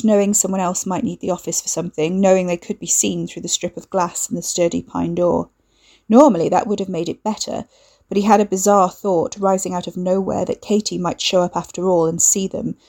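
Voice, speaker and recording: A woman narrating a dark fiction story in a measured, steady reading. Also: on the low side, creaky. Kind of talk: scripted audiobook narration.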